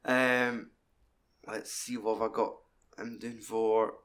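A man's voice: on the low side, level tone, slow pace, fairly bright tone. A man, co-hosting a casual film discussion, rambling and swearing a lot. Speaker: podcast co-host.

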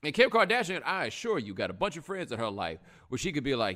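A man's voice: a little high, fast, few pauses. A man hosting a live stream, talking casually in slang and acting out other people's words. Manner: animated, slangy, acts out other people in quotes. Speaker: host.

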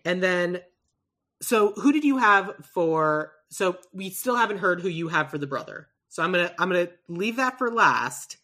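A woman hosting a podcast in casual, animated chat, laughing often and swearing casually. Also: fairly low pitch, moderate pace.

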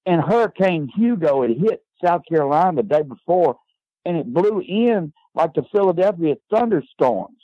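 An older man, a guest and former wrestling manager, telling lively anecdotes and often ending his lines with "man". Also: fairly high pitch, moderate pace, dry recording, dull audio.

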